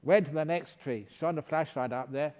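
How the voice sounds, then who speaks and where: Gentle man teaching in echoing hall. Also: a little high, moderate pace. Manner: gentle, calm, tells playful bad jokes. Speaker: meditation teacher. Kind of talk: dharma talk at a retreat.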